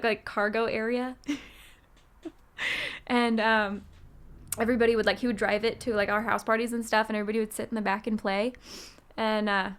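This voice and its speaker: A woman streaming live, chatting casually with her viewers in a rambling way, with many "um"s and "like"s. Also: a little high. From United States. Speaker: musician streamer. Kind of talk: casual livestream chat, answering chat.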